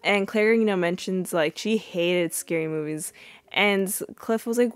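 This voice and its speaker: A woman hosting a podcast, casually recapping a TV episode with many fillers and sudden high-pitched acted-out quotes. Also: measured pace, dry recording. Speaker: podcast host.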